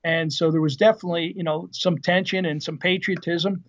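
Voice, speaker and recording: A man in his fifties, a podcast guest, telling family stories in a lively, casual way and acting out the dialogue. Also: a little high, fairly quick. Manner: lively storyteller who acts out quoted dialogue. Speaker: podcast guest, retired Marine officer. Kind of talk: casual storytelling interview. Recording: dull lo-fi sound.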